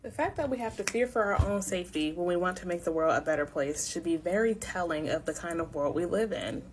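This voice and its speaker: A woman content creator speaking softly in an earnest, conversational way. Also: fairly low pitch, lively intonation, fairly quick, background noise.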